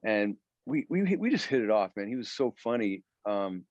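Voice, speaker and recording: A man's voice: lowish voice, moderate pace, dry recording. Man, guitarist guest, rambling storyteller, muffled dry call audio. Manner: rambling, animated storyteller who acts out quotes. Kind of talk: casual storytelling in an interview.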